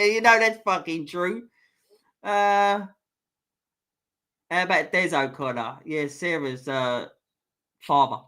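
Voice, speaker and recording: A man's voice: on the high side, pushed and bright. A man hosting a casual live stream, reading viewer comments aloud and swearing freely as he chats. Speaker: livestream host reading chat.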